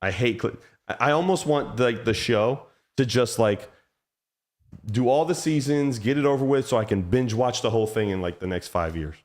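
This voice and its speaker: A man hosting a casual chat, telling excitable stories and swearing a lot. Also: medium pitch, moderate pace. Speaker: host.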